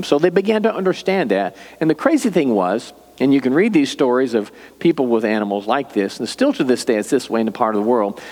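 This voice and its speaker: An older man preaching a sermon as a pastor, telling stories in a relaxed, conversational way. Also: medium pitch, big-room sound.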